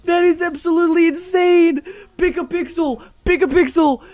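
A man impersonating a male gaming YouTuber who screams with excitement over loot. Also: very high voice, drawn-out words, voice pushed up, exaggerated voice. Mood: ecstatic screaming. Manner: shouting, shrieking excitement.

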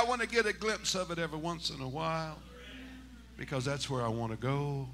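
A man, a senior pastor, preaching a Pentecostal sermon in church, dropping to hushed talk and rising to shouted exclamations. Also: a little high, a little fast. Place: church sanctuary.

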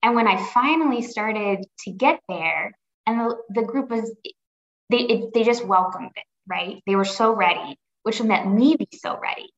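A woman's voice: mid-range voice, normal speed. A woman guest on a podcast, speaking earnestly and reflectively, often restarting her sentences. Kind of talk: conversational interview. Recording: roomy, dull lo-fi sound.

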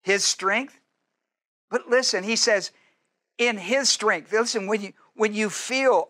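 Emphatic high-voiced preacher man. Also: bright, forceful tone. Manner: emphatic, repeats phrases, slows down to stress commands; teacherly, quizzes the audience with questions. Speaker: pastor. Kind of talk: sermon.

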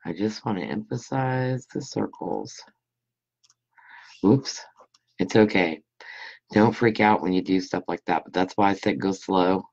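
A woman's voice: extremely low pitch, measured pace, vocal fry, long pauses, darkish tone. A woman hosting a casual live scrapbooking stream at home, chatting with viewers while she works. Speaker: scrapbooking host. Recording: dull lo-fi sound.

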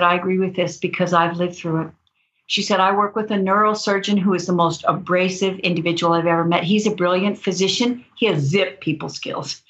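A woman guest on an interview podcast, telling stories in an animated way and laughing often. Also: fairly low pitch. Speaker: guest author. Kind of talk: storytelling interview. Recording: dull lo-fi audio.

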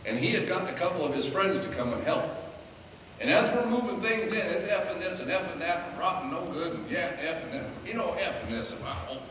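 A middle-aged man, a pastor, preaching in a lively, joking way and acting out the people in his stories. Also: sits high, a little fast. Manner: animated, jokey storyteller acting out quotes. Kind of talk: sermon with storytelling. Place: church hall. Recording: echoey hall, distant mic, noisy.

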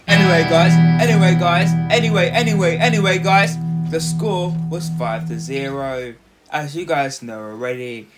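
A man voicing a stiff robotic male sports announcer, calling a video game match in a formal monotone. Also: medium pitch, measured pace, close to an everyday voice. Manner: monotone, formal commentary phrasing. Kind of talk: mock sports commentary. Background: music.

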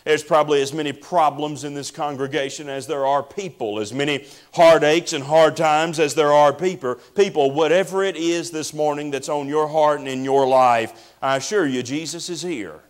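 Guy preaching, slightly high voice, earnest, drags out words for emphasis. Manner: earnest preaching, drawn-out emphasis, addresses listeners as friend. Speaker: pastor. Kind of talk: sermon.

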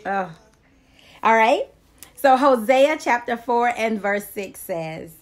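Fast-excitable woman reading a devotional. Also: on the high side. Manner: excitable, exclamatory, laughs often. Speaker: devotional reader. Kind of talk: reading and commenting on a daily devotional. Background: faint worship music.

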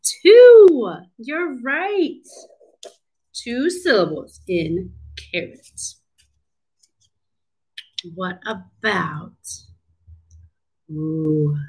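Slow, sing-song woman teaching children. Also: medium pitch, husky, poor audio. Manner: slow, sing-song, encouraging teacher talk with drawn-out words. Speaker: speech therapy clinician. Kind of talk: children's syllable-clapping lesson.

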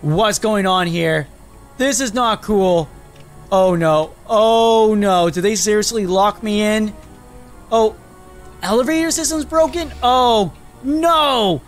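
A man's voice: sits high, takes it slowly, soft background music. A man voicing a confused, anxious young man trapped in a fox costume, rambling in a Minecraft role-play. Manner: rambling, anxious, restarts a lot.

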